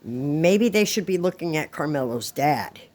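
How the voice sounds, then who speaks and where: Blunt woman in her fifties, co-host on a reaction stream, slow and lively. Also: deep voice. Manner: blunt, scolding. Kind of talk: casual reaction chat.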